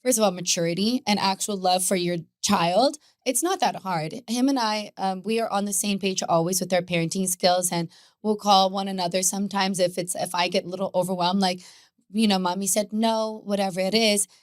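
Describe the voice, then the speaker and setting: A woman guest, a Pilates instructor, telling stories in a casual, animated podcast chat. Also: medium pitch, a little fast, no room sound, studio quality. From Mexican-American family. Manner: chatty, animated storytelling with laughter.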